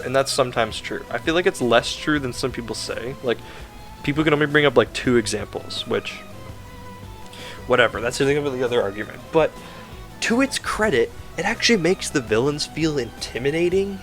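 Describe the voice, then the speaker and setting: A man of ordinary pitch rambles through a casual game review, sarcastic and quick to swear, with "like" filling most of his sentences. Faint music plays quietly behind his voice. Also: expressive. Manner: rambling, sarcastic, swears often, many fillers.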